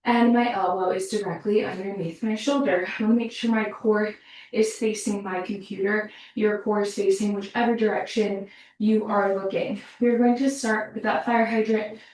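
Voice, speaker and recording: A woman's voice: medium pitch, level tone, normal speed, a little mellow. A woman teaching a pilates workout, out of breath, counting down reps and encouraging, recorded on a laptop across the room. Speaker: pilates instructor. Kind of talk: workout cueing. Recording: echoey room, mic far off.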